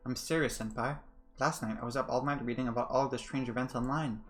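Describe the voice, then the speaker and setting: A man's voice: mid-range voice, fairly even intonation, quick pace, faint music behind, lightly acted. A man voicing an eager, nerdy schoolgirl with a conspiracy theory, speaking earnestly and insistently in close to his own voice.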